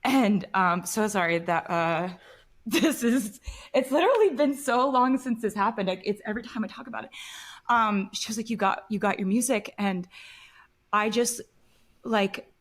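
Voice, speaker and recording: Woman, podcast guest, emotional storyteller, animated delivery. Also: a little high, a little slow. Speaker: interview guest.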